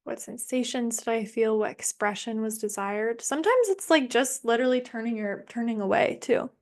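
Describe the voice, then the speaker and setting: Young woman, somatics workshop facilitator, casual and candid, occasional swearing, slightly high voice, video call mic. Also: normal speed. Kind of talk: online workshop talk.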